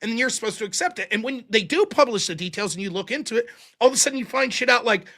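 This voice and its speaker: Male call-in host, lively high delivery, breaks into little voices for quotes. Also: rapid-fire. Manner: animated, acts out quotes in voices. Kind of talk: casual live-stream call-in talk.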